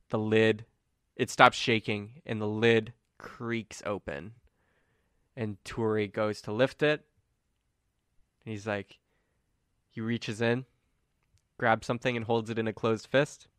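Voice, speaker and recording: A man runs a tabletop game, his voice low and smooth. The sound is dry and close, and he narrates in a loose, easygoing way, full of ums and uhs. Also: takes it slowly, pauses often, dry recording. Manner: relaxed storytelling with many fillers. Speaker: game master.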